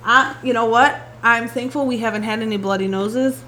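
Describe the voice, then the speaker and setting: High-voiced woman, lively podcast storyteller. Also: normal speed, slight background noise. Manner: animated storyteller, laughs often, swears casually. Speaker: podcast host. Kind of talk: casual chat.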